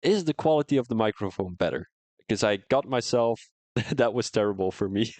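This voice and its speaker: Wrapping up a sim racing league broadcast, a male commentator chats casually after the race on a headset mic, responding to viewer comments along the way. His voice is lowish and darkish, brisk and lively in intonation, with no room sound.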